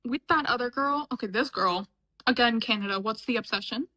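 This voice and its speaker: A woman's voice: on the high side, brisk, over loud music, low-quality recording. A young woman from upstate New York, chatting casually and sarcastically as she reacts to clips, often laughing. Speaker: reaction vlogger. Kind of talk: casual chat.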